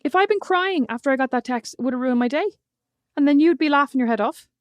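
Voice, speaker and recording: A quick, animated woman whose pitch sits a little high and swings freely as she chats. She teases and tells stories at a fast clip, and the sound is dry and close. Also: no room sound. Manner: lively teasing storyteller. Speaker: podcast co-host. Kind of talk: casual chat between sisters.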